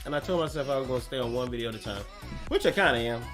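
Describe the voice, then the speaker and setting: Rapid-fire and lively in intonation, a young man with a medium-pitched voice chats on his gaming live stream. His loose, slangy talk rambles between topics with lots of self-talk, and faint music plays in the background.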